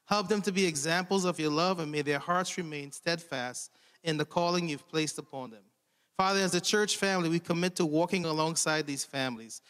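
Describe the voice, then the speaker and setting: A man's voice: a little high, brisk. Man praying in a reverberant hall. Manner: steady, earnest prayer cadence. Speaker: church leader leading prayer. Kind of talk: spoken prayer.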